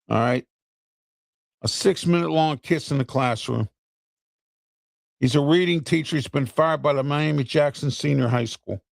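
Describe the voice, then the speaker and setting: A man's voice: on the high side, unhurried, gravelly, pauses often, no echo, studio quality. A middle-aged man hosting an opinion show, ranting bluntly and with exasperation straight to his viewers.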